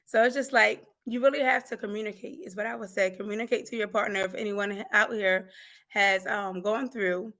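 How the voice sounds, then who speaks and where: A woman's voice: medium pitch, fairly even intonation, brisk, sharp tone. A woman speaking as an interview guest and coach, giving an emotional personal testimony in an earnest, emphatic way that often breaks into laughter.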